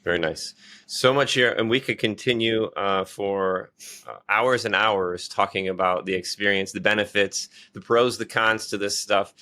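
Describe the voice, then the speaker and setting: A male podcast host with a low, forceful voice. He stumbles into his questions, restarting them several times before he gets them out. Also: normal speed. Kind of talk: podcast interview.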